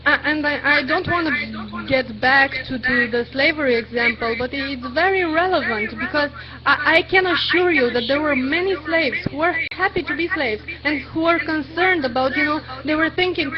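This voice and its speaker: A woman's voice: high-pitched, moderate pace, few pauses. A woman arguing earnestly in an online debate, hesitant and full of fillers. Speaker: debate participant. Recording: lo-fi webcam stream audio with crowd noise.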